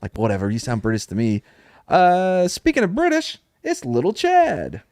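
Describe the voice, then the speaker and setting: A man's voice: mid-range voice, wildly swooping pitch, brisk, a little mellow, dry recording. Male podcast host, young, jokey and rambling, dry close mic. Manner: joking, rambling, laughs often. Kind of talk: casual chat.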